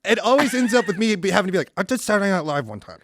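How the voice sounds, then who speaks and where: A man talks as a podcast guest, his fairly high voice swinging widely as he acts out the people in his stories. The sound is close and dry, with no room around it. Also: racing, no echo. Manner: animated storyteller, acts out quoted people. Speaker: guest comedian. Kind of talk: casual podcast chat.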